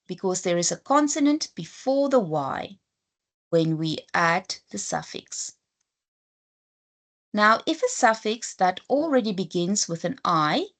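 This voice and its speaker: A woman's voice: lowish voice, fairly bright tone. A woman teacher with a South African accent giving a patient spelling lesson, spelling out letters one by one. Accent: South African English. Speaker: English teacher. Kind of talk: slow, deliberate classroom lesson.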